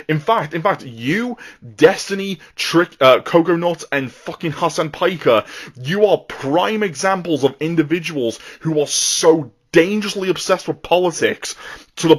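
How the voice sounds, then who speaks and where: A man ranting angrily, swearing a lot and tripping over repeated words. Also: a little high. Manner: heated, profane, stumbling repetitions. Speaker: vtuber ranting on politics. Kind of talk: angry political rant.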